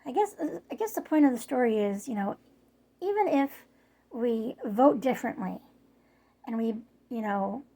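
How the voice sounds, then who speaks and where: Middle-aged woman, a bit hoarse, chatty rambling vlogger, voice sits fairly high. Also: animated, normal speed, mellow. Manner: rambling, retelling with filler words. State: slightly hoarse from yelling. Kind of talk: casual storytelling vlog.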